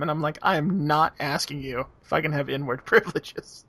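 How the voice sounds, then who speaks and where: A man co-hosts a loose podcast chat, cracking sarcastic jokes. His voice is gravelly, with a bright, pushed edge and a fairly high pitch. The sound is dry and close to the mic. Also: fairly even intonation, brisk, few pauses, dry recording. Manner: joking, sarcastic, plays voices in quotes. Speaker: podcast co-host.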